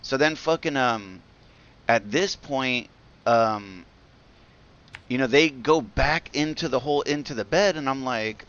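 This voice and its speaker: A man's voice: mid-range voice, a little slow, fairly bright tone, clean tone, dull audio. A man casually telling a long story while live-streaming a game, rambling with lots of fillers, restarts and swearing.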